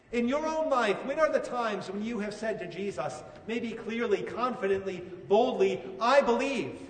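A man with a rather high voice preaches a sermon, earnest and putting questions straight to his listeners. He sounds distant from the mic, with a long echo trailing each phrase as in a large hall. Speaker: pastor. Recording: echoey hall from far off.

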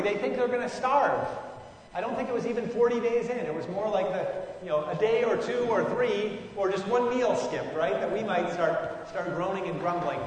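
A man with a fairly high voice teaches scripture in a relaxed, musing way, often pausing and restarting his sentences. He sounds far from the mic in a long, echoing hall with faint background noise. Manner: informal, musing, frequent fillers and restarts. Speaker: Bible study leader. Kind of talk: conversational Bible teaching.

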